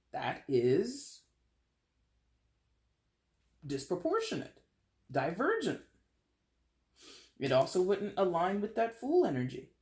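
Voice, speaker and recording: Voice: medium pitch, a little mellow. Tarot reader, casual reading to camera, frank, loose swearing, pop-culture asides, roomy echo.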